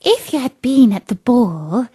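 A woman voicing a boastful young stepsister in a storybook, gushing with excitement in a raised, lively voice. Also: fairly high pitch, unhurried, husky, voice pushed up, full character voice.

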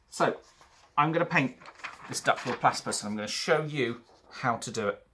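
A young man teaching an art lesson for children, chatty and talking straight to young viewers, with a husky voice. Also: medium pitch, normal speed, sharp tone.

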